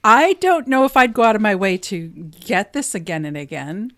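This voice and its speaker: A middle-aged woman co-hosting a casual podcast, chatty and quick to laugh, often trailing off mid-sentence. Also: medium pitch, big pitch swings, fairly bright tone. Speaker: podcast co-host. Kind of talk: casual chat.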